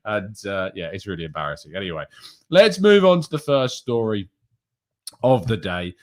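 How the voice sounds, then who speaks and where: An English man hosts a live show as a podcast host, chatting casually, reading out and greeting viewers by name, and slipping into a put-on northern accent. His voice is fairly low and very animated, at a moderate pace.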